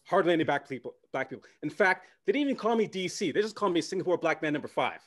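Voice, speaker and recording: A Canadian man performing a stand-up comedy set, animated and slipping into character voices. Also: fairly high pitch, very fast. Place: comedy club stage with audience.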